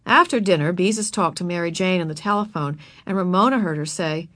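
A woman reading a children's story aloud, expressive and putting on voices for the characters. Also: on the low side, brisk, few pauses. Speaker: narrator. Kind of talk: children's book read aloud.

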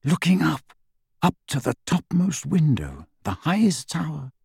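A man narrating a fantasy audiobook in a dramatic, expressive reading. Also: on the high side, unhurried, vocal fry, husky, no room sound, clean studio sound.

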